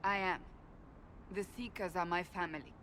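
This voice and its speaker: A woman's voice: lowish voice, steady tone, moderate pace, a bit bright, slight background noise, close to an everyday voice. An actress playing a proud, stern woman warrior who speaks in a firm, commanding way. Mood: grave. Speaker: warrior companion. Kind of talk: video game voice acting.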